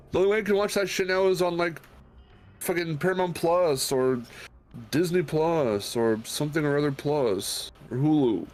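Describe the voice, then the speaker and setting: A man's voice: fairly high pitch, measured pace, long pauses, darkish tone, a little hiss or hum. A male streamer in casual chat who thinks aloud, rambles and swears freely.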